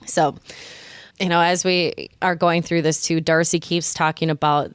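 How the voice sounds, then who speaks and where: A woman's voice: deep voice, a little slow, clean tone, no echo. A woman from Minnesota co-hosting a podcast, chatting casually and acting out quoted lines as she recaps an episode. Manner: animated, slips into quoted voices. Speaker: podcast co-host.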